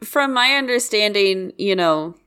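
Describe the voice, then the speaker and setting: A woman's voice: mid-range voice, expressive, unhurried, sharp tone, clean tone. A woman co-hosting a podcast who speaks earnestly, gives advice and steers the conversation. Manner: earnest, advice-giving, moves the talk along. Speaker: podcast co-host. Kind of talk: casual chat.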